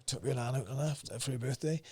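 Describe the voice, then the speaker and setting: A man's voice: mid-range voice, fast talker, mellow, husky. A man in his thirties with a South Wales valleys accent, a podcast guest who tells rambling anecdotes and swears constantly. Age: 30s. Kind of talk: casual storytelling.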